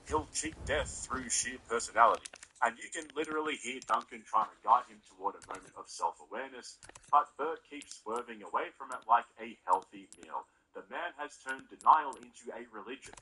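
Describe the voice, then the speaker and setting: Male commentary narrator, snarky and mocking, mid-pitched, hiss-laden recording. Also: sharp tone, poor audio. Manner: sarcastic, mocking. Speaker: commentary video host.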